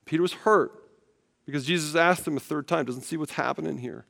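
A man preaching a sermon in a conversational, animated way, acting out the quotes as he retells a story. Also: fairly high pitch, a little fast, creaky. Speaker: pastor. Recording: hall reverb.

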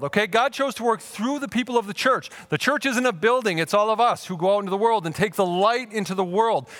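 A man preaching a sermon as pastor, emphatic and urgent, dropping to a quiet intensity and acting out quoted voices. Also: a little high. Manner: acts out quoted voices, checks in with "okay" and "right".

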